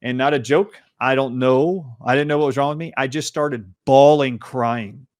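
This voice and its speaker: A middle-aged man hosting a talk show, telling a personal story in an animated, emphatic way and acting out the dialogue. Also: mid-range voice, normal speed, dry recording, studio quality. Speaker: show host. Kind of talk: storytelling in a casual interview.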